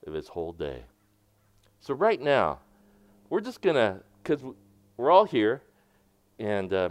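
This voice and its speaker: A man preaching a sermon as pastor, moving between emphatic points and hushed, softly spoken prayers. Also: fairly low pitch, clear, resonant tone, no room sound. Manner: swings from bright emphatic preaching to hushed near-whispered prayers.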